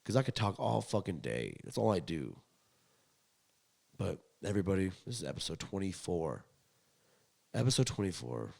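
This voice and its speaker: Young male podcast co-host, low gravelly voice, blunt and profane, rambling, swings loud to quiet. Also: very animated, normal speed, long pauses. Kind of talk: casual podcast chat.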